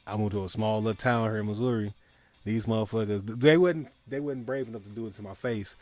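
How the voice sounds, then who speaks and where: A man's voice: lowish voice, fast talker, a little mellow, soft background music. A young man in casual conversation, talking in slang and rambling with many restarts. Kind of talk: casual chat.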